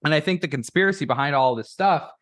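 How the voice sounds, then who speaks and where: A man's voice: on the high side, lively intonation, fast, fairly bright tone, no echo, studio quality. A man on a podcast as a guest, chatting casually and rambling profanely about politics with many restarts.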